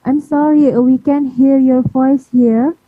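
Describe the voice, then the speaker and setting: A woman's voice: high-pitched, little pitch movement, slow pace, dry recording. A woman moderating an online conference session, hesitant and politely apologetic, with many "uh" fillers. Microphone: video call. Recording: tinny, phone-like video call audio.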